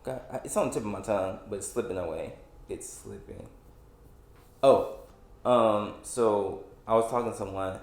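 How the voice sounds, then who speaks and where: A man in his twenties, his voice on the low side, rants casually on his solo podcast at a moderate pace in an echoey room. His talk is frustrated and rambling, with frequent restarts and fillers.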